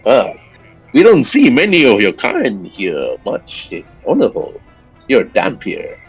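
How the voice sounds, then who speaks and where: A man voicing a burly, blunt male blacksmith who is also a butcher, talking with drawn-out pauses and sudden pitch jumps. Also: wildly swooping pitch, vocal fry, slightly rough, faint music behind, exaggerated voice, poor audio. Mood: gruff.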